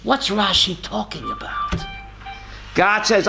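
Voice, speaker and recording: A man, a rabbi teaching a lively Torah class, asking rhetorical questions and calling on students by name, often chuckling. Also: sits high, a little slow, creaky, soft background music.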